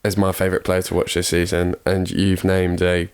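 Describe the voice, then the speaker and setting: A man's voice: low voice, monotone, normal speed, darkish tone, clear, resonant tone. A young man co-hosting a football podcast, congested, chatting in a rambling, self-mocking way. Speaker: podcast co-host. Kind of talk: casual football chat.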